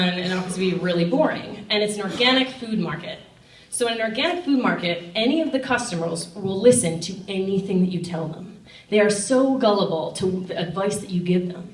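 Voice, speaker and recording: A young woman doing a stand-up set on a comedy stage, telling stories deadpan, with loud bursts when she acts out quotes. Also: mid-range voice. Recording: roomy sound from a distant mic.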